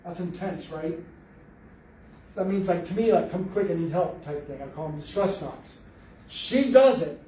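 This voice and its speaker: A man telling an animated, joking story to an audience, acting out what people said. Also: high voice, normal speed. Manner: animated storyteller, jokey, acts out quotes. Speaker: Bigfoot researcher giving a library talk. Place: library meeting room. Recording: roomy hall, mic at a distance, faint noise.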